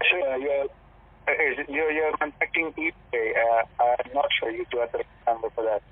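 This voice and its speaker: A man's voice: medium pitch, level tone, a little slow, breathy edge, no echo. A man answering a phone call as a call center agent, hesitant and repeating himself. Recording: tinny phone line from a distance.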